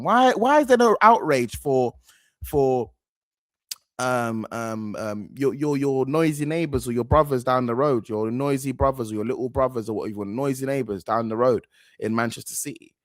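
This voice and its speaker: Rambling, slangy football fan. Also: male voice, mid-range voice, normal speed, no room sound, clean studio sound. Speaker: football fan reaction host. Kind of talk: casual reaction commentary.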